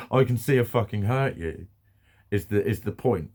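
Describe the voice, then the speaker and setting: This British vlogger speaks slowly in a lowish, darkish, slightly rough voice. He rants bluntly through a casual monologue, cursing freely, repeating himself and laughing at times.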